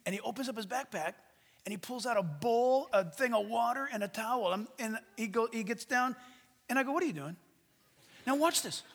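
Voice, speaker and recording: A man pastor giving a sermon, telling a humorous story and swinging between loud preaching and hushed asides. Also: high-pitched, expressive, a little fast. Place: church sanctuary stage. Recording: long hall reverb.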